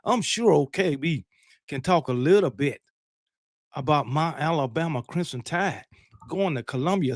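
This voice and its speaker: A man's voice: fairly high pitch, no echo, clean studio sound. A man hosting a late-night live stream, chatting casually and greeting viewers from the chat. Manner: loud hype shouting, then laid-back reading of chat names.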